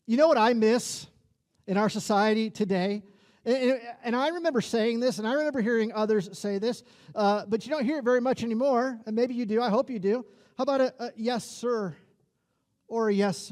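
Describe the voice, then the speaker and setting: Upper midwest american pastor guy, kinda high voice, chatty sermon, laughs at his own jokes, says stuff twice. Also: a little mellow. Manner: conversational, chuckles at his own jokes, repeats key lines. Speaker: lead pastor.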